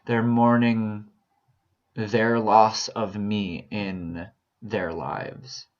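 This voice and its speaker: Man, reflective monologue, slow and halting, earnest; muffled lo-fi sound. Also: fairly low pitch, fairly even intonation. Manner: earnest, halting, repeats phrases as he searches for words. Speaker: vlogger sharing a personal update. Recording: dull lo-fi recording.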